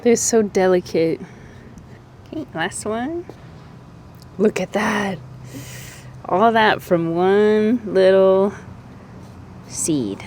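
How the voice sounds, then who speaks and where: In her own gardening vlog, a woman chats casually, giggly and easily moved, laughing often. Her mid-range, darkish voice is animated yet very slow with frequent pauses. Music plays in the background, with a little hiss or hum.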